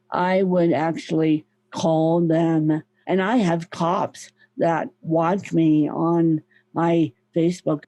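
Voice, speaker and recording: A woman's voice: sits low, warm tone, no room sound, low-quality recording. A woman guest, a podcast host and author, telling her story in a casual, emotional and repetitive way. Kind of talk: casual interview talk.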